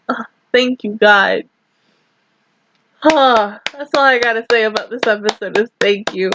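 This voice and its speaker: Woman, anime reaction host, tearful, swearing, high-pitched, muffled dry sound. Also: fairly bright tone, no room sound. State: crying. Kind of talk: emotional reaction commentary.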